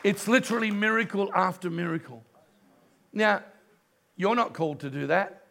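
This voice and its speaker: A middle-aged man, preaching a sermon in church and telling a story with passion, dropping to a hush and then rising loud. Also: sits high, animated, normal speed, creaky, some chatter behind, a little hiss or hum. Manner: impassioned storytelling preacher, swings from hushed to loud. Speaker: pastor.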